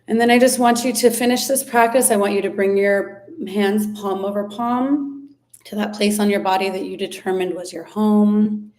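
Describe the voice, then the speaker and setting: A woman guides listeners through an ear massage and slow breathing. She talks gently and without hurry, step by step. Now and then she stops to search for a word. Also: medium pitch, steady tone. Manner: gentle and unhurried, with fillers and restarts. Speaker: somatic practice instructor. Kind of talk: guided body practice instruction.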